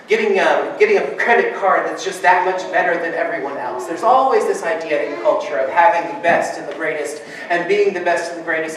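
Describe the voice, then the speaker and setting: A man's voice: on the high side, fairly bright tone. A man preaching a sermon, telling funny family stories and laughing often. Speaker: pastor. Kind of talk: sermon with humorous storytelling. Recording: echoey hall from far off, noisy.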